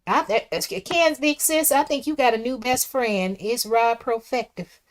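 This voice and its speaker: Reading her chat out loud, this livestream host reacts to viewers in easygoing live commentary. She speaks a little high at a measured pace, chatty throughout, dropping quiet asides one moment and loud exclamations the next.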